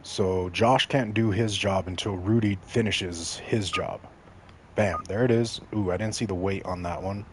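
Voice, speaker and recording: A man's voice: low-pitched, fairly even intonation, a little slow, noisy background. A man from Mexico giving casual, joking commentary while streaming a video game and talking straight to his chat.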